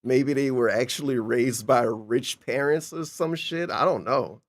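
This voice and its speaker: A man giving casual reaction commentary on a stream. He sounds sarcastic and incredulous and swears freely. His voice sits in an ordinary middle pitch. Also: a little slow.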